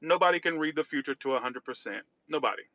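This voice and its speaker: A man's voice: a little high, lively intonation, fast talker, fairly bright tone, no room sound, lo-fi sound. A man chatting casually on a livestream while driving, rambling and reacting to chat. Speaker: tarot reader livestreaming. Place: in a car driving.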